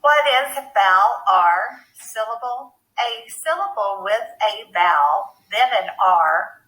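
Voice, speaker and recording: Slow-spoken woman teaching phonics. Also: medium pitch, pushed and bright, low-quality recording. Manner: slow, clear, deliberate teacher talk. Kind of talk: phonics lesson for children.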